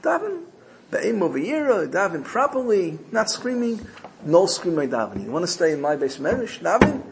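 A man voicing a stern but kind elderly rebbe in a told story, speaking firmly and softly. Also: high-pitched, sing-song, moderate pace, background noise, pitched above the performer's own voice.

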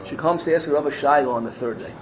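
A man's voice: fairly high pitch, rapid-fire, background noise. A man telling a traditional tale, repeating phrases for emphasis and sprinkling in Yiddish and Hebrew terms. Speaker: storyteller. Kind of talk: animated storytelling.

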